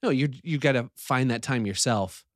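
A man's voice: mid-range voice, moderate pace, dry recording, clean studio sound. A man hosting a podcast, talking candidly and self-deprecatingly with lots of casual fillers. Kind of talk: casual conversation.

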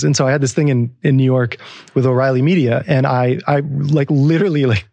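A man's voice: medium pitch, steady tone, fairly quick, gravelly, dark tone, no echo. A man in his forties, a podcast guest, telling stories in a rambling, self-interrupting way with frequent laughs. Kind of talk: casual storytelling conversation.

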